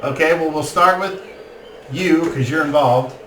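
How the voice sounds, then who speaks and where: A man running a tabletop game as game master, excitable and quick to burst into laughter and shouts. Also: fairly high pitch. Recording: roomy, distant mic with faint noise.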